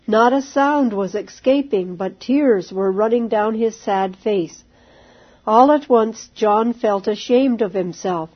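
A woman reading a children's story aloud in a gentle, clear way. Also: on the high side. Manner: slow, gentle and clear, with light character voices. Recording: dull lo-fi recording.

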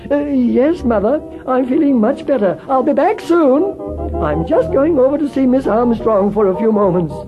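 A man's voice: very high voice, expressive, normal speed, voice pushed up. A man voicing an eager young boy in a storybook tale, in a raised, earnest voice. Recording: tinny phone-like with faint music.

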